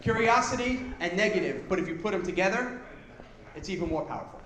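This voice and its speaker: A man giving a live workshop talk to an audience, casual, energetic and blunt, now and then swearing. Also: high-pitched, fast. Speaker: seminar presenter. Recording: echoey room with background noise.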